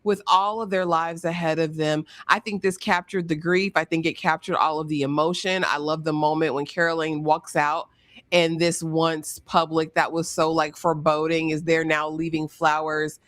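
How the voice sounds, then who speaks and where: Woman, co-host, blunt, opinionated, slightly low voice, dry sound. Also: little pitch movement, normal speed, fairly bright tone, dry recording. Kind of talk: casual live recap chat.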